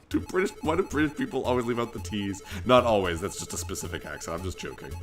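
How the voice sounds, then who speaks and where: A young Canadian man with a low voice gives a casual, joking playthrough commentary, and his pitch swings up and down as he rambles. Game music plays steadily behind him. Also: sing-song, fast, few pauses. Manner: joking, rambling, self-deprecating. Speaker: gaming channel host. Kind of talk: casual let's-play commentary. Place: home room, construction outside.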